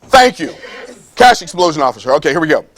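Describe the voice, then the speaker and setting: A man's voice: fairly high pitch, big pitch swings, fairly bright tone. A man preaching to a live audience, emphatic and playful, repeating phrases and acting out quoted voices. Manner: emphatic, repeats phrases, reads scripture slowly. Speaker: speaker at a business seminar. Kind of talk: preaching-style motivational talk.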